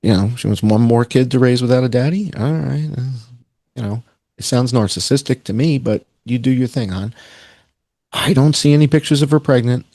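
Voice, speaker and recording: A man's voice: mid-range voice, fairly quick, dark tone, dry recording, clean studio sound. A man talking in a sarcastic, rambling way on a podcast, with mocking asides. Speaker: podcast guest. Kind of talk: casual conspiratorial chat.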